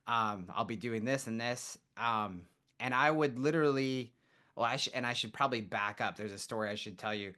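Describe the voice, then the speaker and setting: Bright-voiced man telling animated stories. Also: mid-range voice. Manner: animated storyteller, acts out quotes. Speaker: podcast guest, healer. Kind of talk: casual storytelling interview.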